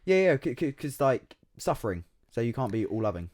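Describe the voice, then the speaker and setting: A young man chatting casually on a podcast, animated and swearing freely, laughing often. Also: medium pitch, fairly quick, no echo, clean studio sound. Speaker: podcast guest. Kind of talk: casual chat.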